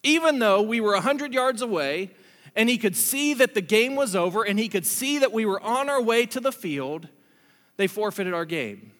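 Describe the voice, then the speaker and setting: High bright-voiced preacher in echoing hall. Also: male voice, moderate pace. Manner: conversational storytelling, animated asides. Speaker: pastor. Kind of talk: sermon. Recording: long hall reverb.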